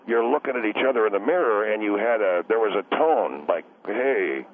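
A man's voice: fairly low pitch, expressive, moderate pace. An actor playing a touchy, rambling husband calling into a radio comedy show, who keeps mixing up he and she. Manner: defensive, rambling, mixes up he and she. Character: touchy rambling middle-aged husband caller. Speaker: caller. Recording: tinny phone line.

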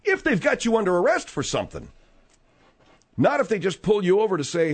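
A man hosting a late-night radio talk show at a studio microphone. His voice sits a touch high and swings widely in pitch. He talks bluntly and conversationally with callers. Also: wildly swooping pitch, brisk, pauses often.

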